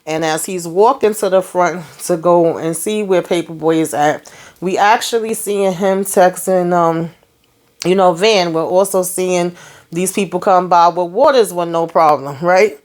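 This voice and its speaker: A woman's voice: on the low side, a little slow, darkish tone. A woman hosting a casual TV review, chatting through an episode recap and quoting characters with shifts in her voice. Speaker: TV review host.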